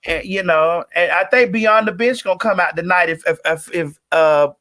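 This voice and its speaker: A man hosting a casual live-stream show, talking in a loud, sassy, playful way. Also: sits high, normal speed. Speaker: host.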